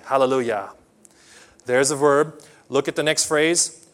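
A man preaching a sermon, emphatic, swinging between loud outbursts and quiet asides; English is not his first language. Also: medium pitch, normal speed. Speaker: pastor.

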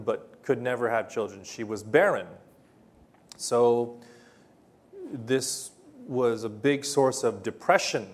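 A male pastor preaches slowly, retelling scripture stories with gentle, halting pauses. His voice sits at an ordinary middle pitch. He gathers his thoughts aloud and then carries on. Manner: hesitant, many ums and uhs, gentle storytelling. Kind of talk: sermon.

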